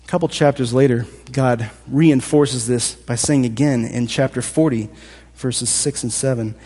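A man preaching a sermon in a thoughtful, conversational way, with a husky voice. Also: mid-range voice, steady tone, unhurried, warm tone. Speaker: pastor. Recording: long hall reverb.

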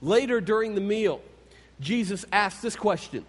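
A man preaching a sermon, retelling scripture stories in an animated storytelling manner. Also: high-pitched, moderate pace. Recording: long hall reverb.

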